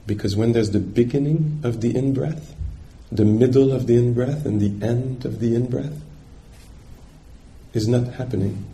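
A man's voice: medium pitch, moderate pace, warm tone. A man giving a dharma talk as a meditation teacher, searching for words and checking in with his listeners.

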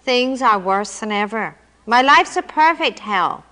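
A woman's voice: on the high side, expressive, a little slow, pushed and bright, big-room sound. Woman voicing a desperate, pleading poor man. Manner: pleading, complaining. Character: desperate poor man at his wits' end.

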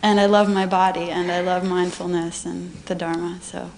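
Retreat participant, woman, lowish voice, heartfelt sharing, slight background hiss. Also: little pitch movement, normal speed, vocal fry, a little mellow. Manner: earnest, emotional, laughing often. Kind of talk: personal sharing.

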